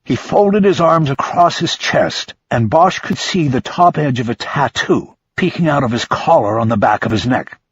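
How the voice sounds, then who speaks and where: A man reading a crime novel aloud in scripted audiobook narration, steady and measured. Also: mid-range voice, slightly rough, dry recording, dull audio.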